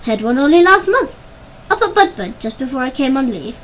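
A woman's voice: high voice, big pitch swings, brisk, a little hiss or hum, low-quality recording. A woman reading a blunt, clipped storybook uncle. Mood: matter-of-fact. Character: blunt bluff uncle home from India.

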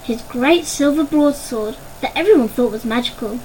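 High-voiced woman reading a story. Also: moderate pace, slight background noise, rough recording. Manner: expressive, dramatic. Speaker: narrator. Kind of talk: storybook narration.

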